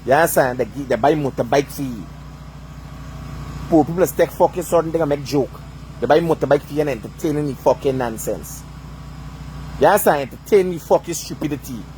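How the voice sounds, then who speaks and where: A man's voice: a little high, brisk, long pauses, a little mellow, slight background noise. A man delivering a heated, profane rant, swearing constantly and asking "you understand?" over and over. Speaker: vlogger.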